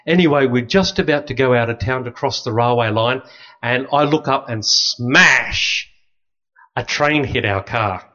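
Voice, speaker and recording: Storytelling priest, dull recording. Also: male voice, mid-range voice, a little slow. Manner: lively anecdotal storytelling with dry humor. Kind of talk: storytelling talk to an audience.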